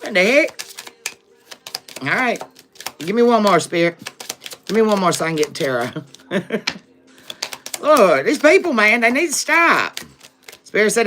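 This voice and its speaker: A woman's voice: mid-range voice, very animated, measured pace, pauses often, fairly bright tone, a little hiss or hum. A woman doing a live-stream tarot reading for her viewers, chatty and familiar, calling them "baby" and "boo", tagging lines with "okay?" and laughing often between remarks. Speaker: tarot reader. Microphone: livestream setup.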